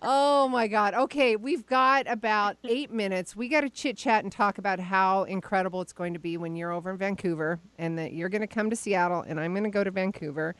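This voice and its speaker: A woman's voice: fairly quick, few pauses, no echo. A woman hosting a casual call-in radio show, chatty and prone to shrieks of disbelieving laughter. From United States. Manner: bursts into high incredulous laughter.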